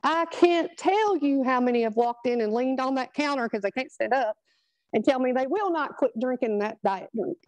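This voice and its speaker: A woman's voice: sits high, moderate pace, no echo, rough recording. A middle-aged woman, giving a chatty, earnest motivational talk to a live group. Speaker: speaker at a product training.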